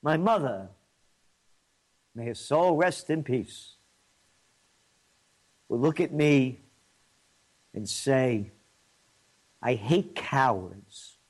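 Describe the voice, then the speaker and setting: A man's voice: mid-range voice, lively intonation, extremely slow, long pauses, darkish tone. Combative, sarcastic New man. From New York. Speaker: commentator and host. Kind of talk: ranting political monologue.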